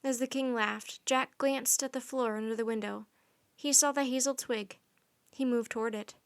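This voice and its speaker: A woman reading a children's story aloud in soft, even narration. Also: a little high, normal speed, smooth.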